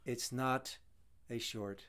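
A man's voice: medium pitch, fairly even intonation, slow pace, bright, forceful tone. A man leading a conversational Bible study, earnest and emphatic. He lingers on key phrases and repeats them for weight. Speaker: Bible teacher.

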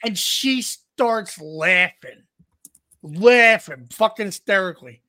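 A man's voice: high-pitched, slow, sharp tone, no room sound, studio quality. A man co-hosting a podcast, telling a profane story boisterously and acting out what people said. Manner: profane, boisterous, acts out quotes. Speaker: podcast co-host. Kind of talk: crude comedic storytelling.

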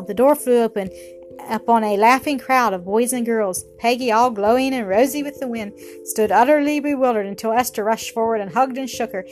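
A woman narrates a storybook in a gentle, expressive way. Her voice sits a little high, and soft music plays faintly underneath.

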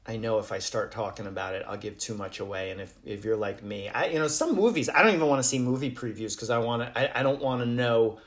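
A man's voice: medium pitch, quick pace, hardly any pauses. Enthusiastic rambling man. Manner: enthusiastic, rambling, laughs often. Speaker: podcast host. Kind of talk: casual solo sports podcast.

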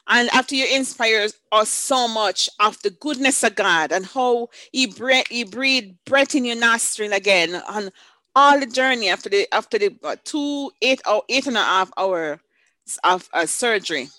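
A woman hosts a faith podcast in a bright, forward voice. The sound is dry and close. She speaks in an affirming way as she introduces her guest. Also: on the high side, moderate pace, no echo. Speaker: podcast host.

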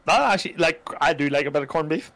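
A man's voice: fairly high pitch, fast, fairly bright tone, no echo. An Irish man co-hosting a podcast in casual chat, laughing often and swearing freely. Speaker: podcast co-host.

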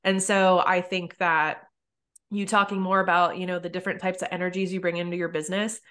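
Animated woman podcast host. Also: fairly low pitch, fairly quick. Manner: animated storytelling, lots of "like". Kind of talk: casual interview chat.

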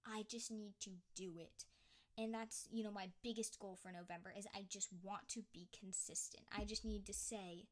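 A woman's voice: medium pitch, steady tone, normal speed. Young female podcast host, casual solo rant, mid-range voice, thinks aloud with restarts. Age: young adult. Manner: rambling, self-reflective, frequent restarts and "you know".

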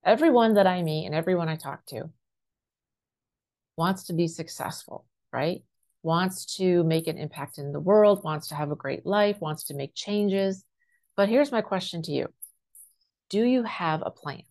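Low-pitched female life coach; direct motivational delivery full of rhetorical questions. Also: expressive, measured pace, darkish tone. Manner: direct, asks rhetorical questions, keeps checking in with "right?". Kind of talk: motivational talk to camera.

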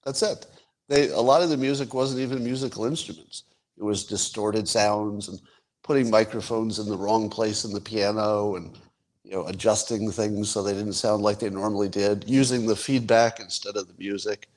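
A man in his sixties hosting his own podcast, musing wryly in casual solo commentary with chuckles and sudden jumps in pitch for emphasis. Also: steady tone, normal speed, a little mellow. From United States. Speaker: podcast host.

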